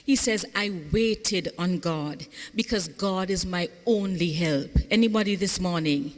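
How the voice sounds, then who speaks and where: A woman's voice: lowish voice, measured pace. A woman pastor preaching a sermon, calling out to the congregation and lifting into fervent, sung phrases. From Saint Vincent and the Grenadines. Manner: call-and-response preaching, rising into fervent sung cadences. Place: large church sanctuary. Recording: echoey church hall.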